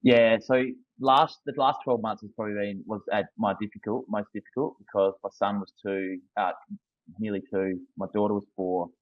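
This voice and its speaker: A man's voice: lowish voice, fairly even intonation, moderate pace, no echo, lo-fi sound. An Australian man in his thirties, a football coach speaking as a guest in a casual interview, candid and earnest, often restarting his sentences.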